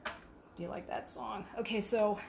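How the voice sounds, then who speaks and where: A woman's voice: mid-range voice, steady tone, measured pace, vocal fry, background noise. A woman potter teaching a wheel demo on a livestream, chatting playfully as she works the clay. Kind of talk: live demo talk while working at the wheel.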